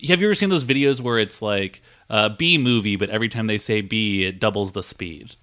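A man in casual podcast banter, bossing his co-host around in a teasing deadpan way. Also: on the low side, fairly quick, noisy background.

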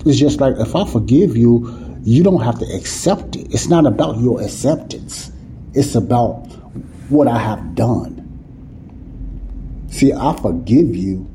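A man's voice: medium pitch, animated, measured pace, long pauses, warm tone, a little hiss or hum, low-quality recording. A man teaching the Bible in an emphatic, conversational preaching style, often checking that listeners follow. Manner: repeats "you see what I'm saying?" to listeners.

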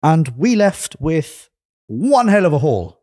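A man's voice: a little high, sing-song, slow pace, darkish tone, dry recording, studio quality. A man from England co-hosting a casual podcast chat, telling rambling stories and correcting himself as he goes. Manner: rambling, self-correcting storyteller. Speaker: podcast co-host.

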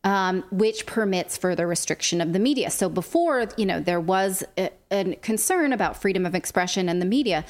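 A woman's voice: medium pitch, expressive, normal speed, few pauses. A woman co-hosting a political commentary show, reading from a report with a sarcastic edge. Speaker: co-host.

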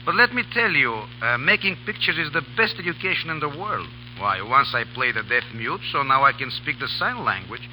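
A man's voice: mid-range voice, big pitch swings, fairly quick, hardly any pauses, sharp tone, a little hiss or hum, poor audio. A man joking and boasting in broken English during 1930s radio banter. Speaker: actor guest.

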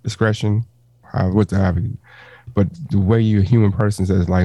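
A man's voice: on the low side, steady tone, normal speed, dark tone, no echo, poor audio. A man in casual podcast chat, laid-back and rambling, with a slangy way of talking. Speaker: podcast co-host.

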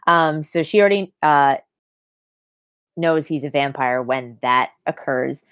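Low-voiced woman retelling a story. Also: unhurried, smooth, no echo. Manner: lively retelling of plot, acting out characters. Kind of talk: casual book discussion.

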